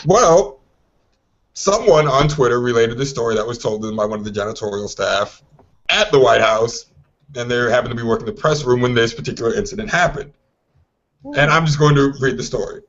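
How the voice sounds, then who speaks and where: A man co-hosting a casual podcast, telling stories with lively acted-out quotes. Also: mid-range voice, brisk. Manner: animated storyteller who acts out quoted voices. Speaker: podcast co-host. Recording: lo-fi online call audio.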